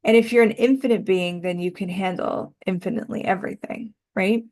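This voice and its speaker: A woman hosting a self-help podcast, talking reflectively in a casual, musing way, often slowing down and drawing out words. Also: mid-range voice, steady tone, darkish tone. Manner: musing, conversational, uses "like" a lot. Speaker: podcast host and energy coach.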